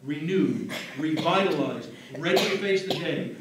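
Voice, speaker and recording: A man working as a stage hypnotist, giving slow soothing suggestions and apologetic banter to volunteers. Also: a little high, lively intonation, far from the mic, noisy background. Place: live venue with audience. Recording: echoey room, taped from afar.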